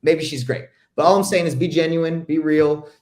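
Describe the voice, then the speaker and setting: A man's voice: fairly high pitch, steady tone, normal speed, darkish tone. A man hosting a casual coaching call over video, talking bluntly and emphatically and calling his listeners bro. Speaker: real estate investing coach hosting a call.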